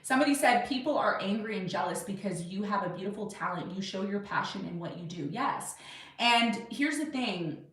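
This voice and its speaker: A woman's voice: mid-range voice, expressive, normal speed, fairly bright tone, far from the mic. A woman in her thirties hosting an astrology livestream, talking casually and at length to her viewers with easy confidence. Her voice rings through a very echoey room. She sits a little back from the camera's microphone. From Jamaican, Irish and Serbian heritage. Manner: chatty and rambling, self-assured. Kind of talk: casual livestream chat answering viewer questions. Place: home desk with her cat on her lap. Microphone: webcam or camera at a desk.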